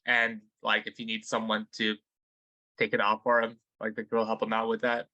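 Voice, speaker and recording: A man playing in a tabletop role-playing game, describing his character's actions haltingly with many fillers. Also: lowish voice, monotone, sharp tone, no echo, lo-fi sound. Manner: hesitant, halting with many ums. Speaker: player.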